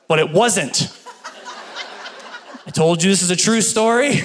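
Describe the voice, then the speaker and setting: Man, middle-aged comedian, from Kentucky, stage storytelling, punchy delivery, light high voice. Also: measured pace, long pauses, slight background noise. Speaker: stand-up comedian. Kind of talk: stand-up routine, then interview. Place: stage before a live audience.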